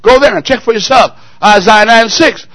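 A married man preaching a sermon, firing call-and-response questions at the congregation and swinging between loud exclamations and quiet asides. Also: very high-pitched, moderate pace, no echo, low-quality recording. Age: adult, married.

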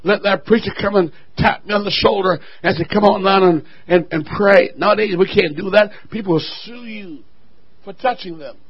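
A man preaching a sermon, calling out to the church and rising into fervent shouts. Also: high-pitched, normal speed, husky, highs cut off. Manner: call-and-response, rising to shouting.

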